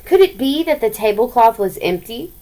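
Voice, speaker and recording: A woman's voice: fairly high pitch, animated, normal speed, warm tone, close to an everyday voice, poor audio. A woman voicing the sly male leader of the wee folk, attempting an Irish lilt while reading a storybook aloud.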